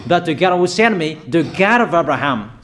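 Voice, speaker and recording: Emphatic preacher man with a fairly high voice. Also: very animated, moderate pace, fairly bright tone. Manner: emphatic, repeats warnings, addresses nations directly. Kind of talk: prophetic declaration sermon.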